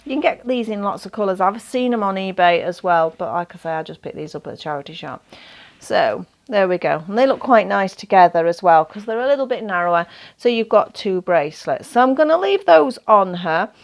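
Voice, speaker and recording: A woman, a little hoarse, chatting casually in a show-and-tell vlog about doll accessories, rambling and laughing often. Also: mid-range voice. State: slightly hoarse, losing her voice. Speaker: doll collector vlogger.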